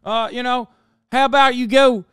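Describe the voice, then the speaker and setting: A man putting on a loud, sneering caricature of a crude male bigot. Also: very high-pitched, steady tone, moderate pace, clear, resonant tone, no echo, studio quality, voice pushed up. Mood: mocking. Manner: shouted, sneering, coarse.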